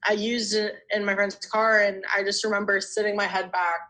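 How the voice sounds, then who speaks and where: A woman's voice: mid-range voice, flat delivery, normal speed, bright, forceful tone, rough recording. A young adult woman, a podcast guest, telling her personal recovery story in a rambling, casual way, full of "you know" and "like".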